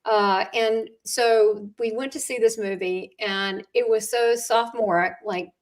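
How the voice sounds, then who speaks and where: A woman in casual conversation, talking warmly about spiritual practice and stories, often restarting her sentences with fillers. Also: fairly high pitch, steady tone, measured pace. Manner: chatty storyteller with frequent fillers and restarts.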